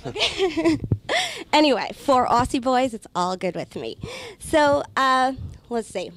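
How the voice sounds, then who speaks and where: A woman's voice: sits high, lively intonation, takes it slowly. A woman interviewing a band in a playful, giggly way. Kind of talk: casual interview.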